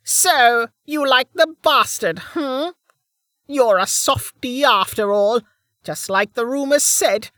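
A narrator voicing an unhinged ancient noblewoman in an audiobook, with shrill, drawn-out taunts. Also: fairly bright tone, dry recording, studio quality. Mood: gloating. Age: older. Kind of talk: audiobook character voice.

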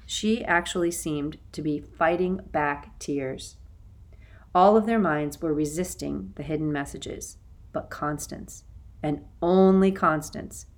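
A woman reading a children's novel aloud as an audiobook narrator, in an expressive storytelling manner. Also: sits low. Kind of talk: scripted narration.

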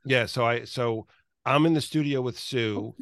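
Relaxed male host, dry close sound. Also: medium pitch, unhurried, no room sound. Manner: conversational, loose and reflective. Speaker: podcast host, former page. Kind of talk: casual interview chat.

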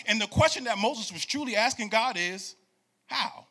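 A man in his forties delivering a loose, conversational sermon with a high, bright voice. He repeats words as he builds, swings into sing-song preaching cadences and calls on the congregation to answer back. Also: expressive, moderate pace, breathy edge. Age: 40s. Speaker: pastor.

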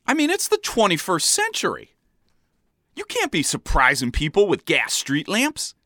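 A man's voice: on the high side, normal speed, no echo, studio quality. Man with wildly swinging comic narration. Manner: wry, deadpan storytelling with animated swings. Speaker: narrator reading his own comic stories.

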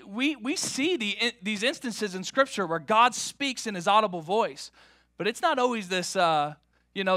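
A man preaches a sermon with a high, bright voice. He is animated and restarts his words as he builds each point. The sound is dry and close, with no room echo. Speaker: pastor.

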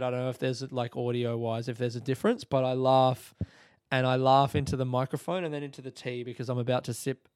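A man's voice: mid-range voice, darkish tone, clear, resonant tone, no echo, studio quality. A tired man hosting a podcast alone in his room late at night. He rambles, yawns, swears and makes fun of himself. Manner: rambling, sleepy, profane and self-mocking. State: tired and yawning. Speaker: podcast host. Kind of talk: casual late-night monologue. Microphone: podcast microphone.

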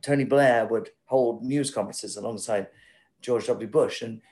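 A man's voice: mid-range voice, moderate pace, a little mellow. A middle-aged man with an English accent, a news correspondent chatting as a guest over a video call in a self-deprecating way with plenty of fillers. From England. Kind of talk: casual interview chat.

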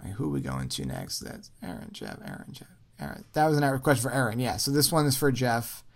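A man's voice: mid-range voice, wildly swooping pitch, fairly quick, creaky. A man hosting a casual quiz podcast over a remote call, chatty and thinking aloud as he runs the game. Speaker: quiz host.

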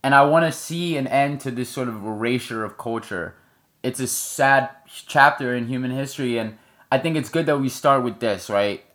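A man talks straight to his viewers in a blunt, emphatic way, swearing freely as he makes his points. His voice sits at an everyday pitch for a man. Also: normal speed, fairly bright tone. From United States. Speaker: online commentator. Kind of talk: opinion commentary to camera.

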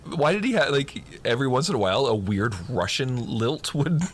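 A man's voice: medium pitch, big pitch swings, fairly quick, a bit bright. A man in his thirties co-hosting a casual movie-review chat, laughing often and swearing freely. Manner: laughing, loose, profane storyteller. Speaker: podcast co-host.

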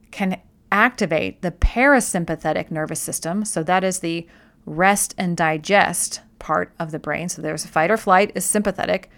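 Chatty low-pitched woman explaining calmly. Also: clear, resonant tone. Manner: conversational, restarts and repeats words, frequent "like". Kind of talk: casual explanatory talk.

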